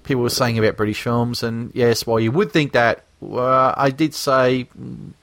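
A man's voice: mid-range voice, fairly even intonation, moderate pace, vocal fry, fairly bright tone, no echo. An Australian man co-hosting a podcast, chatting casually and rambling with lots of fillers and jokes. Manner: rambling, filler-heavy, joking. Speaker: podcast co-host. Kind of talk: casual chat.

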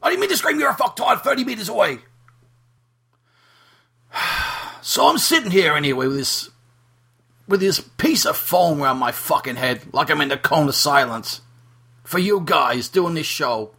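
A man plays a loud, swaggering rock star who brags and rants, his husky voice bright and pitched a little high. The lines leap all over the place in pitch, with stammered repeats between the shouted outbursts. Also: expressive, normal speed, long pauses, heavily acted. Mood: ranting. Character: brash foul-mouthed boastful aging male rock star. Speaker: podcast host. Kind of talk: comedic impression on a podcast.

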